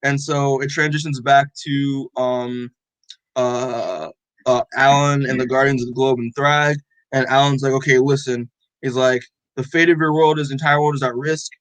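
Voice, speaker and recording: A man's voice: medium pitch, level tone, moderate pace, fairly bright tone, no echo, low-quality recording. A man co-hosting a podcast, casually recapping a comic with lots of "like" and acted-out dialogue. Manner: rambling, full of "like" and quoted dialogue. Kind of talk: casual chat.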